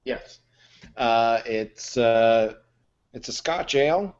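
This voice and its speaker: A man co-hosting a podcast, chatting casually over beer in a hesitant way with many pauses, on muffled lo-fi audio. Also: mid-range voice. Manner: hesitant, many ums and restarts. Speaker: podcast co-host.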